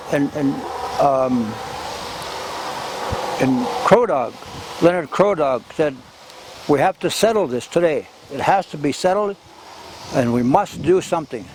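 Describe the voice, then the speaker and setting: A man recounting past events as oral history, speaking haltingly and often repeating and restarting his words. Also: a little high. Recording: wind noise on the mic.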